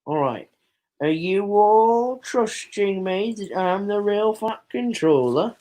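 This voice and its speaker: A woman hosts a goofy livestream, talking slowly and drawing out her words. She jokes, plays at being outraged and calls out to the chat, speaking into a stream call mic. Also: medium pitch, animated, warm tone. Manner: joking, mock-outraged, addresses chat. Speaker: livestream host.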